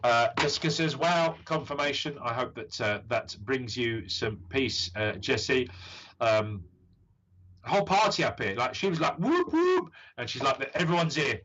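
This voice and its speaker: A psychic medium from the UK, a British man in his thirties, hosts a live stream reading in an unhurried, slightly bright mid-range voice with lively intonation. He rambles encouragingly with lots of fillers; the audio is dull and lo-fi, with a little hiss or hum.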